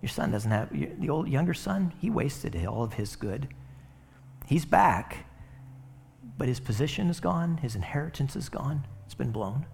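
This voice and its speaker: A man's voice: medium pitch, animated, unhurried, vocal fry, a little mellow, a little hiss or hum. A man preaching a sermon in a conversational way, with rhetorical asides to the congregation. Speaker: pastor.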